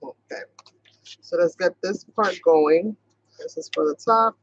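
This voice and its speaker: Through a muffled recording, a fairly low-voiced woman from New York, whose accent resembles Boston's, hosts her craft channel's tutorial livestream. She is casual and chatty, wandering off topic and sometimes speaking quickly.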